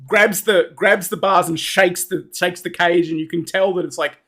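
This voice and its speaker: Giggly, gravelly male game master. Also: high voice, normal speed. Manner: giggly, animated narration. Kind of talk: narrating a tabletop game.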